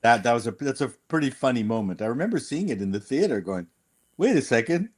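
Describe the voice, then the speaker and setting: A man's voice: mid-range voice, very animated, quick pace. A man on a podcast panel, chatting casually in a rambling, hesitant way. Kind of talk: casual chat.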